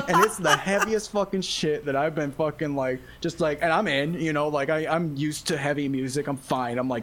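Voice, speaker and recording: A man's voice: on the high side, moderate pace, a little hiss or hum. A man casually telling a wild story, swearing constantly, laughing often and acting out what people said. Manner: animated, laughing, heavy swearing, acts out quotes.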